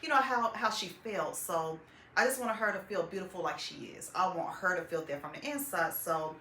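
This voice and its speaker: A woman giving a heartfelt, halting testimonial about her mother's treatment, holding back tears as she speaks. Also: lowish voice, lively intonation, bright, forceful tone, a little hiss or hum. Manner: heartfelt, halting, with many "um"s and "I just". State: tearful, holding back emotion. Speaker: client's daughter giving a testimonial. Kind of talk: personal testimonial. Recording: echoey room.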